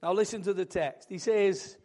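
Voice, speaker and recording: Man, preacher, sermon, fervent, emphatic, high voice. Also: fairly even intonation, moderate pace. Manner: fervent, rising to loud declarations.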